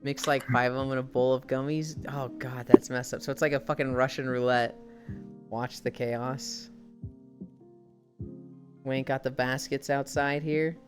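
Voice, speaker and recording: A woman's voice: very deep voice, moderate pace, long pauses, over music. A woman streamer chatting casually and telling stories, swearing freely as she goes. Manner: swears freely, animated storytelling. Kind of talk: casual chat while walking.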